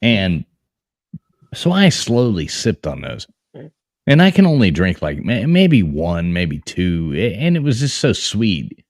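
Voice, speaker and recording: Male host, casual storyteller, animated pitch, dry close sound. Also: takes it slowly, no echo. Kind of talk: casual chat on a live stream.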